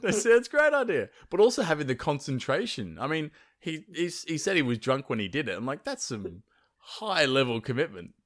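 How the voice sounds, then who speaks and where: A man's voice: a little high, big pitch swings, a little fast, few pauses. Man retelling a myth in casual chat. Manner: laughing, rambling, full of fillers. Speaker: podcast co-host.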